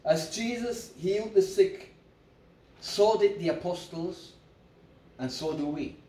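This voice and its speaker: Taking it slowly, a preacher with a high-sitting, dark voice drives his points home through repetition and calls on the congregation to respond. The room echoes and the mic is at a distance.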